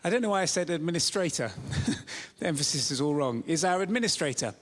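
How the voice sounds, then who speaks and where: A man with a high-pitched voice delivers a chatty, joking sermon to his congregation. His voice rings out through a church with a long, trailing reverb, and he tells stories with animated energy. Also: quick pace, noisy background. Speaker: pastor. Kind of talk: informal sermon with humor. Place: church sanctuary.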